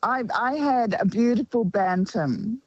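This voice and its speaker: A woman's voice: on the high side, animated, unhurried, no room sound, dull audio. A woman co-hosting talkback radio, telling stories in a teasing way and laughing often. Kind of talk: casual talkback radio chat.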